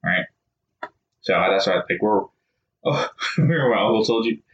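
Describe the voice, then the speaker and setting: A man's voice: fairly low pitch, animated, moderate pace. A man from rural Texas chatting casually with his wife, rambling through stories and often tagging on "right?". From rural Texas, USA. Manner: rambling, storytelling, frequent "right?" tag questions. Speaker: co-host talking with his wife. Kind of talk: casual chat. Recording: echoey, slightly dull room sound.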